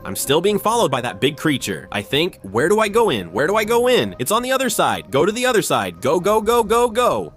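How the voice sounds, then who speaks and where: An excitable man calls out a survival game as he plays it, his fairly high voice bouncing up and down as he talks. He jumps from calm remarks to quick alarmed shouts. Soft music plays under him. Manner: excitable, jumpy play-by-play. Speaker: gaming channel host. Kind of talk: Minecraft survival commentary.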